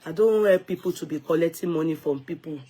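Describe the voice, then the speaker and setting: A woman's voice: deep voice, fast, dark tone, slight background noise. Emphatic Nigerian woman live-streaming. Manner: emphatic, scolding, repeats and restarts words; greets viewers by name. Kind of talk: unscripted live-stream commentary.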